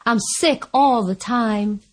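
Lady w a high voice telling her recovery story, frank, jokes at herself a lot. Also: slow. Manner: candid and wry, laughs often at her own story. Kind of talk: personal testimony before an audience.

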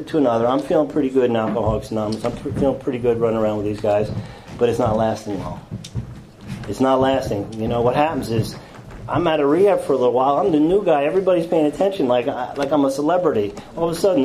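A man telling his own recovery story to an audience in a rambling, self-deprecating way, full of restarts and quick impressions of other people. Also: medium pitch, low-quality recording. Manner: acts out others with quick quoted voices. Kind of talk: personal recovery talk to an audience.

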